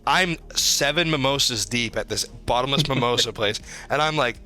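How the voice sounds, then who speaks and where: A young man in his twenties co-hosting a podcast, telling rambling, animated stories in casual chat. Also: medium pitch, moderate pace, faint music behind. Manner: rambling, animated storytelling with profanity. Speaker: podcast co-host.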